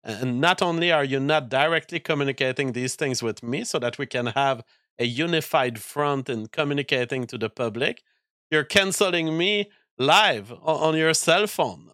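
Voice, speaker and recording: A man's voice: on the high side, bright, forceful tone, no echo, studio quality. A man streaming, reacting to clips with profane rants. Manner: ranting, profane.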